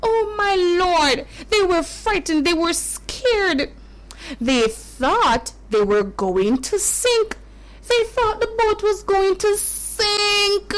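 Woman, high lively voice, very slow delivery, dramatic storyteller who gasps and exclaims. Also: low-quality recording. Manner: slow and drawn out. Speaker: Bible storyteller for children. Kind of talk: animated Bible story telling.

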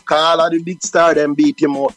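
A Jamaican man with a high voice spins lively stories of his career as a deejay, now and then acting out voices. Soft music plays faintly underneath. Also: a little fast, rough recording. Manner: animated, acts out quoted voices. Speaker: guest, reggae deejay. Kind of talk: storytelling interview.

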